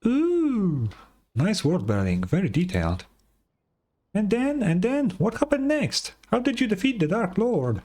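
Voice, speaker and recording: Male streamer doing a squeaky, excitable fairy girl sidekick, pitched way up. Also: measured pace, heavily acted. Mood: eager. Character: chirpy small female fairy companion.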